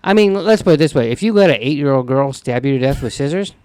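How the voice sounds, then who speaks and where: A man's voice: mid-range voice, expressive, fast talker, a little mellow, clean tone, no room sound. A man co-hosting a casual movie podcast, cracking crude jokes and giggling. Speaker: podcast co-host.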